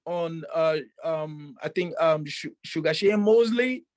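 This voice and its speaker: A professional boxer telling a story in a casual interview, rambling with many fillers and restarts. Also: male voice, fairly high pitch, takes it slowly, a little mellow, no room sound.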